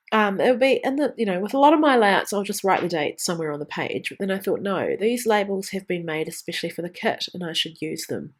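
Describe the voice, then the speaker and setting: A woman with a congested, nasal voice, chatting enthusiastically as she narrates her own scrapbooking process video, with plenty of ums. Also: fairly low pitch. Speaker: scrapbooking vlogger.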